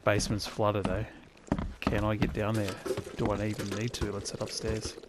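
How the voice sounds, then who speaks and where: A man's voice: fairly low pitch, level tone, moderate pace. A man with an Australian accent hosting a let's-play, chatting and thinking aloud with sudden exclamations. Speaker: gaming channel host. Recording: loud game noise behind the voice.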